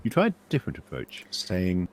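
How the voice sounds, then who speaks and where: A man narrating a solo gamebook aloud in a steady, measured way. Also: deep voice, slight background noise. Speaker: narrator voicing the book.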